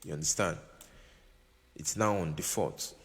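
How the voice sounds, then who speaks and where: A man's voice: deep voice, a little slow. A man teaching music production in a casual tutorial while playing a keyboard, often repeating himself and checking that the listener understands. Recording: room with long reverb, keyboard music behind.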